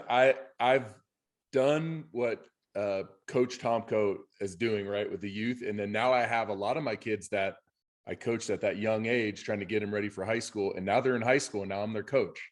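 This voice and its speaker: Low voiced coach guy, earnest and heartfelt, cohosting a chill podcast. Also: moderate pace. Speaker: podcast co-host and youth and high school coach. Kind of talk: casual podcast conversation.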